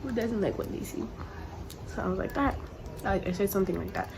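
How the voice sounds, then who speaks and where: A woman's voice: medium pitch, brisk, gravelly. A young woman vlogger telling a story in casual chat, blunt and profane with lots of slang fillers. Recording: noisy home recording.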